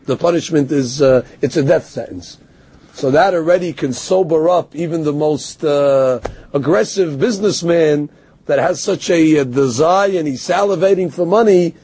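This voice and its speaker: A man teaching a Torah class as a rabbi tells stories, quotes Hebrew verses and explains them, and handles a heckler with self-deprecating humor. His voice is fairly high, mellow, and breathy at the edges, at a moderate pace, with no echo.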